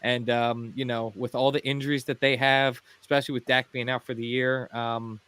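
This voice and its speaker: A man from Philadelphia talks on a casual sports podcast, halting with "um" and "uh" before he drives his point home. His voice sits at a middle pitch, and the recording is dry and close. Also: flat delivery, a bit bright, clear, resonant tone, no room sound. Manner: hesitant, many fillers, then emphatic. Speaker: podcast co-host.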